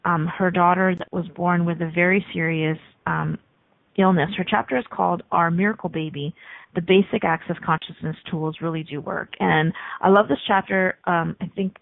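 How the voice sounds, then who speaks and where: A woman hosting a radio talk show, talking fast with many ums. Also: on the low side, steady tone, vocal fry, dry recording, narrow, tinny audio. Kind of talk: casual talk radio monologue.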